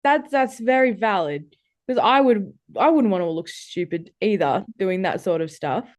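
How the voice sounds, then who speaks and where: A woman's voice: mid-range voice, lively intonation, moderate pace, darkish tone, no echo, clean studio sound. A woman hosting a podcast interview, asking her questions in a plain, casual way. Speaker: podcast host.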